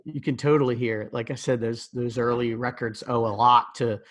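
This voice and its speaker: Male podcast host, casual interviewer, relaxed delivery full of filler words. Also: medium pitch, a little fast. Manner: relaxed, many fillers like "like" and "you know".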